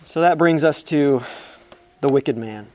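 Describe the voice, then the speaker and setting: Male preacher with a high voice, earnest delivery, reads scripture with emphasis. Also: unhurried, darkish tone. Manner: repeats words and restarts mid-phrase. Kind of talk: sermon.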